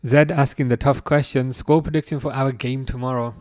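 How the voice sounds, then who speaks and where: A man in his thirties hosting a live stream, chatting casually and reading out viewer comments with halting restarts and dry jokes. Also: medium pitch, fairly even intonation, a little mellow, no room sound. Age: 30s.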